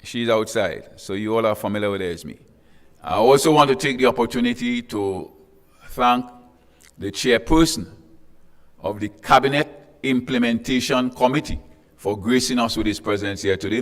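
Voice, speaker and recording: A man's voice: fairly low pitch, normal speed, big-room sound. Tobagonian man emceeing a panel event. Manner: chatty and joking, with asides to the audience. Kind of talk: ceremonial address with greetings. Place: hotel conference room.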